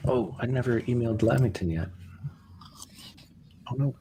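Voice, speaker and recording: A man's voice: medium pitch, normal speed, noisy background. A man hosting an online poker game, chatting casually and laughing often. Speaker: poker game host and streamer.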